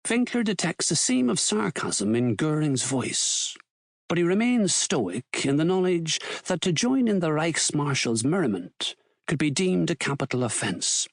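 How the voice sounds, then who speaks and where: A man narrating a thriller audiobook in a measured, expressive way, on a close studio mic. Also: on the high side, gravelly, no room sound.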